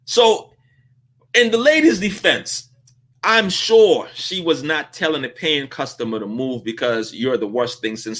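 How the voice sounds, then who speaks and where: Bright-voiced animated male host. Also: a little high. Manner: animated storyteller, often laughing. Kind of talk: casual commentary.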